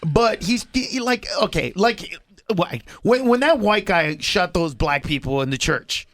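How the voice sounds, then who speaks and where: Animated man joking on morning radio. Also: sits high, a little slow. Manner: animated, excitable, laughs while talking. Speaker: guest comedian. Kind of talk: comedic morning radio chat. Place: radio studio.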